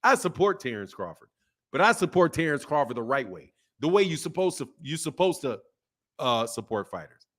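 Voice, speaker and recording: Casting note: slangy, emphatic male stream host, slightly higher-pitched, laughing and riffing loosely. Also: sing-song, fairly quick, a bit bright. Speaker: boxing channel host. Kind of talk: casual live-stream chat reading viewer comments.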